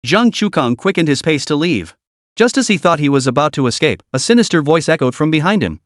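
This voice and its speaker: A man reading a story aloud as narrator in an even, steady storytelling manner. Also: fairly high pitch, fairly quick, dry recording, clean studio sound. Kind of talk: scripted audiobook narration.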